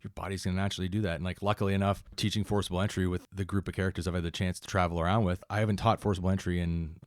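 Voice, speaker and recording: A man's voice: deep voice, racing, no echo, clean studio sound. A Canadian man in his forties, a fire captain and paramedic, telling stories in a casual interview and jumping into quoted voices. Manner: animated, jumps into quoted voices.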